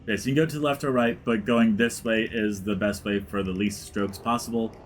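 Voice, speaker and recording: A man's voice: lowish voice, steady tone, fairly quick, slight background noise. Rambling man narrating gameplay. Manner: rambling, heavy use of like, dips into mutters. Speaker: let's play gamer. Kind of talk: casual gameplay commentary.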